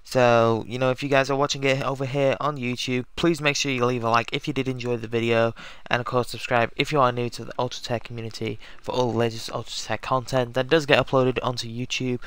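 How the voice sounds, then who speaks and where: A man's voice: mid-range voice, flat delivery, a little fast, fairly bright tone, clean tone, no echo. A man casually chatting to his viewers as he sets up a live game stream, rambling and correcting himself as he goes.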